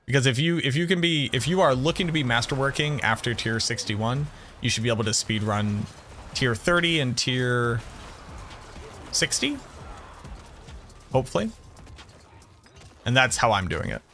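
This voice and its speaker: A man with a Boston accent chatting casually on a game stream, telling animated stories and swearing freely. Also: mid-range voice, moderate pace, pauses often, faint music behind. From Boston area, USA. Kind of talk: casual live-stream chat.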